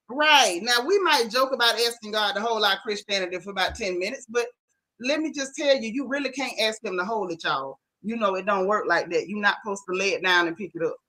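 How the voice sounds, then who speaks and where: A woman hosting a gossip stream, chatting casually and animatedly with her viewers. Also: mid-range voice. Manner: animated, talks straight to her chat with "y'all", "baby" and "honey". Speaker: host of a gossip talk stream. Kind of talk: casual live-stream chat reading comments.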